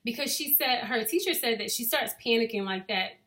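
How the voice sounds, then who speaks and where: A young woman tells a personal story in a casual, chatty way, now and then breaking into laughter. Her voice sits a little high, with a sharp, bright edge. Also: expressive, fairly quick. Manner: chatty, laughs while telling, addresses listeners as y'all. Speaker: educator.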